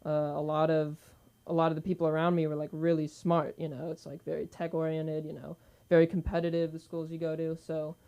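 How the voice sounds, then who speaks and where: A man from Silicon Valley doing a halting, self-deprecating stand-up set full of fillers. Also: on the high side, monotone, vocal fry, smooth, lo-fi sound. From Silicon Valley, California. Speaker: stand-up comedian.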